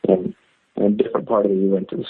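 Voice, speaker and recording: A man's voice: on the low side, flat delivery, fast, husky. A man calling in, telling a story in a rambling, casual way, full of fillers and restarts. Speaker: caller. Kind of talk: casual storytelling on a call-in show. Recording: tinny phone line.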